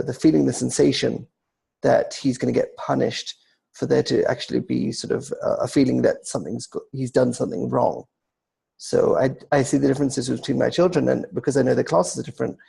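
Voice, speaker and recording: Gravelly, husky man telling a story. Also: medium pitch, dark tone. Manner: rambling storyteller, reads listener comments. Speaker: host. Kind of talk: casual discussion.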